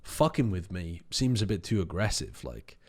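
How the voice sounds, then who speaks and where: Male streamer, 30s, rambling deadpan riffs, lowish voice. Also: moderate pace. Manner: rambling, deadpan jokey tangents. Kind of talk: casual stream chat.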